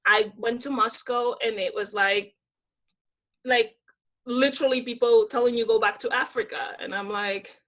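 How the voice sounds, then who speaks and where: A woman in her thirties from the Dominican Republic talks as a podcast guest. She is lively and animated, and her voice is high and bright. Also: unhurried. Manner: energetic, animated storyteller. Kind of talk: casual interview conversation.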